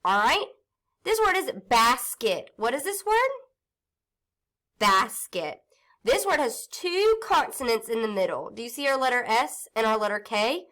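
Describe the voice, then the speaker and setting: Slow sing-song woman teacher. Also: fairly high pitch, pushed and bright. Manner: slow, sing-song teacher talk, stretching out words and sounds. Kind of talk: phonics lesson for young children.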